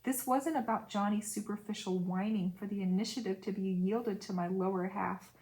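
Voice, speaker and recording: Brief: a woman narrating a novel with quick casual commentary. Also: medium pitch, fairly even intonation, darkish tone, low-quality recording. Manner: reads aloud with brief casual asides. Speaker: audiobook reader.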